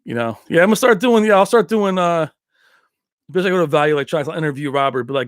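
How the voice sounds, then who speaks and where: A man hosting a late-night tech livestream from his house, loose and rambling after a few drinks. He laughs often and drifts off-topic while reading the chat. His voice sits slightly high and sounds close and dry. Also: lively intonation, fast, no room sound. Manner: laughs often, slips into movie impressions. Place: his own home.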